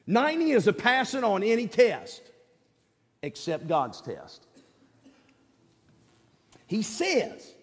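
Animated preacher in an echoing hall. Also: male voice, sits high. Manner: animated, conversational, quizzing the congregation. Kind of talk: sermon.

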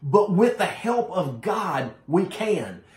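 A man's voice: high voice, very animated, slow, reverberant. A man preaching a sermon to his congregation, emphatic and direct, calling his listeners folks. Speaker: pastor.

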